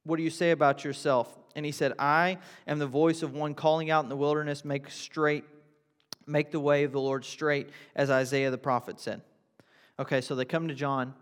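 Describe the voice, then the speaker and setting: A man's voice: on the high side, little pitch movement, moderate pace, clean tone, long reverb tail. A man preaching a sermon in a conversational way, asking questions and building to emphatic repetition. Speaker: pastor.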